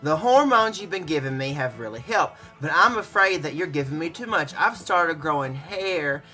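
Bright-voiced joke teller bantering. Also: medium pitch, animated, normal speed, soft background music. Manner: reacts with exclamations, playful banter. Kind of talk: casual joke telling.

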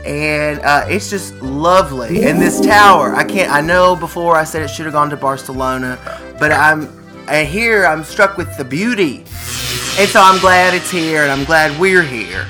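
A man's voice: on the high side, normal speed, over music. A man co-hosting a comedy podcast, chatting easily and riffing with his partner. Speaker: podcast co-host. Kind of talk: comic banter on tour.

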